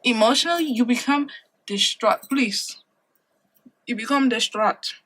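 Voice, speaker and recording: Twenty-something woman vlogging, kinda high bright voice, dramatic n laughy. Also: animated, moderate pace. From Ohio, USA. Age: 20s. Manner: chatty and dramatic, laughs often, teasing. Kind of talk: casual chat to camera. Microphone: compact camera mic.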